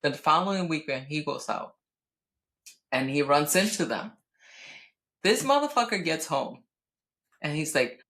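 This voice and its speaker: A woman in her thirties co-hosting a podcast, telling a personal story in casual chat, blunt and profane, with animated outbursts. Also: low-pitched, unhurried, long pauses. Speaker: podcast co-host.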